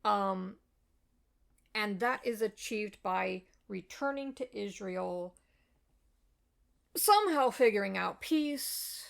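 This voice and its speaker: A woman talks through a history lesson in a casual, rambling way, filling pauses with ums and uhs and apologizing as she goes. Her voice is heavily gravelly with vocal fry. She speaks slowly and without hurry. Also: mid-range voice, lively intonation. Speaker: video essayist.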